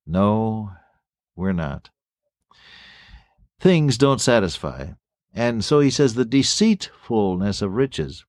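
A man preaching a sermon in an earnest way, slowing down to stress key phrases and swinging his voice up and down. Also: medium pitch, dry recording, studio quality. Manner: earnest, rising and falling emphasis, slow stress on key phrases.

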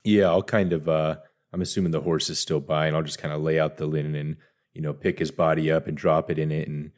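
Very deep-voiced male player, hesitant. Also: flat delivery, fast talker. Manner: soft, hesitant, full of "uh" and "kinda". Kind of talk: describing character actions in a tabletop game.

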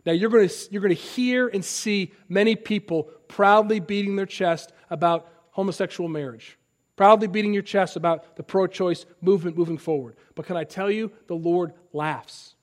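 A man in his thirties preaches with a high, ringing voice. He climbs to loud, impassioned declarations and then drops back to a soft, conversational tone for the asides. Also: normal speed. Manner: impassioned preaching, swells loud on key lines. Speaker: pastor. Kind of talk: sermon.

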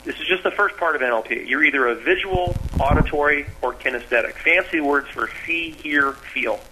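A man's voice: on the high side, a little fast, background noise. A man, a sales trainer, explaining with energy as a radio guest and acting out bits of sales talk. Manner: animated, acts out sales dialogues.

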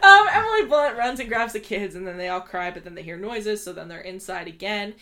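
A young woman co-hosting a podcast, recapping a movie in animated casual chat, swearing and laughing often. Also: mid-range voice, brisk, a crowd in the background. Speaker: podcast co-host.

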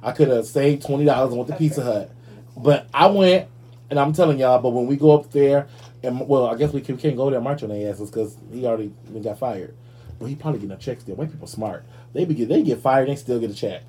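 A man hosting a podcast in casual commentary, sassy and animated, swearing freely. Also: mid-range voice, fast talker, husky. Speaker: podcast host.

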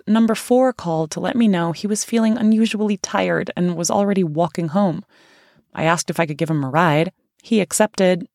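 A woman's voice: lowish voice, darkish tone, dry recording, studio quality. A woman narrating her own memoir in the first person, candid and playful, with a teasing edge.

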